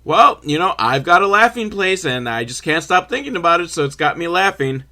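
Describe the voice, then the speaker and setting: A man's voice: fairly high pitch, very animated, fairly quick, sharp tone, voice pushed up, exaggerated voice. A man voicing a sly, boastful male cartoon rabbit in a smug, cheerful way.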